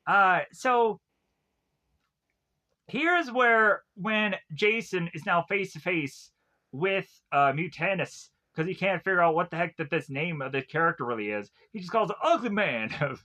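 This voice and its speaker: A man's voice: high-pitched, a little slow, bright, forceful tone. A young man casually recapping TV episodes, rambling with many fillers and frequent chuckles. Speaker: TV show reviewer.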